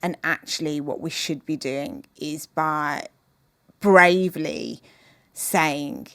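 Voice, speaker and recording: A woman guest in an interview, speaking in an earnest, measured and openhearted way. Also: deep voice, little pitch movement, a bit bright, no echo, studio quality. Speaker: podcast guest, author. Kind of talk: reflective interview conversation.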